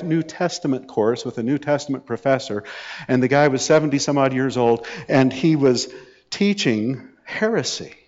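A middle-aged man preaching a sermon, telling personal stories with wry, sarcastic asides. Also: mid-range voice. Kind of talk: sermon storytelling. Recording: dull sound with long hall reverb.

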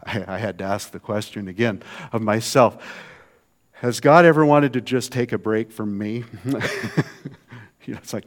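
A man preaches a sermon conversationally and briskly, swinging between soft, low asides and loud, emphatic lines.

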